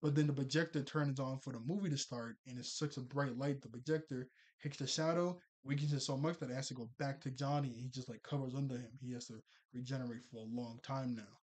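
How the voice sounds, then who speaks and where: A young man casually recapping a cartoon episode, chatty and quick to laugh, full of fillers and restarts. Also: mid-range voice, fairly even intonation, darkish tone.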